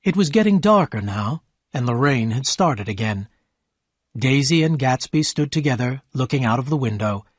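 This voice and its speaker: A man reading a story aloud for English learners, in slow, clear, even scripted narration. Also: medium pitch, no room sound, clean studio sound.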